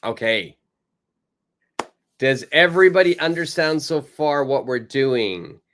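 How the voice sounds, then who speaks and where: A man's voice: mid-range voice, animated, slow, fairly bright tone, a little hiss or hum. A man teaching an online English lesson, greeting viewers by name and reading example dialogues aloud.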